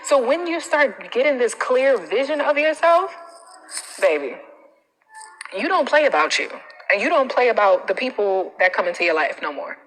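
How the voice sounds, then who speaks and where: A woman coach hosting a casual live stream, animated and emphatic, with a preachy manner full of slang asides. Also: on the high side, moderate pace, poor audio.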